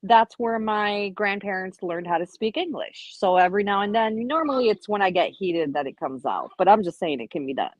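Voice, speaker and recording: A woman's voice: mid-range voice, animated, a little fast, few pauses, dry recording, dull audio. Blunt woman from Brazil and Uruguay, dry. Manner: blunt, emphatic. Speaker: panelist. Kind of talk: casual panel chat.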